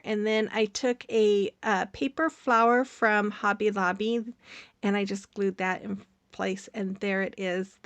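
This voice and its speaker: A middle-aged woman casually narrating a craft tutorial, chatty and rambling with soft laughs and ums. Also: mid-range voice, dry recording. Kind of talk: casual DIY voice-over narration.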